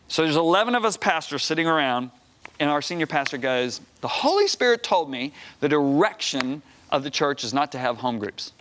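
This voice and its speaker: A man's voice: fairly quick, slight background noise. Emphatic older male preacher telling a story. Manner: emphatic, rising to high excited outbursts. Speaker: guest preacher and author. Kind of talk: animated storytelling on a talk show. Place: television studio set.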